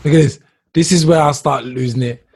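A man co-hosting a casual chat, reacting to a video with animated remarks. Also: on the high side, brisk, slightly rough. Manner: animated, mimics others in his retelling.

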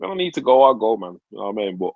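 A man's voice: on the low side, big pitch swings, very fast, vocal fry, no room sound. Rambling comedian man, dry dull sound. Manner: rambling, repeats words, says man a lot. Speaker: podcast co-host, comedian. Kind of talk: casual chat.

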